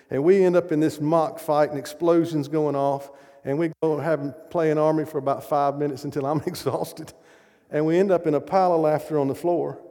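A middle-aged man preaching a storytelling sermon, animated and acting out the voices of the people in his stories. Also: on the high side. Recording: long hall reverb.

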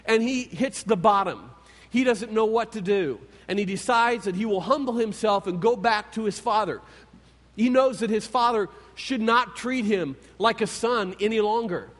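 A man preaching a sermon, retelling scripture stories in an animated storytelling manner. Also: sits high, normal speed. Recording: long hall reverb.

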